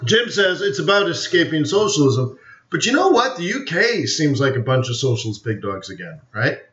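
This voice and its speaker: A man's voice: a little high, big pitch swings, moderate pace, fairly bright tone, slight background noise. Rambling man on a lo-fi stream. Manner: rambling, opinionated, jokey, many fillers. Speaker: forex webinar host. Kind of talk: casual live-stream commentary. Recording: roomy, dull lo-fi stream audio.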